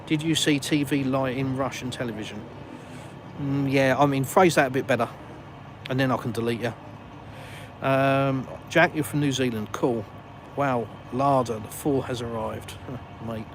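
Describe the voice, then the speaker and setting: A man with a southern English accent, originally from England, walks through a village while hosting a live stream. His mid-range voice moves at normal speed as he reads comments and chats casually, self-mockingly, with viewers. Cars pass and street noise fills the noisy outdoor phone stream.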